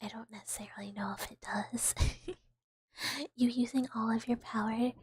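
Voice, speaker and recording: A woman streaming ASMR in whispered role-play, rambling in a soft, self-deprecating whisper. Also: on the high side, steady tone, normal speed, breathy edge, dry recording, rough recording.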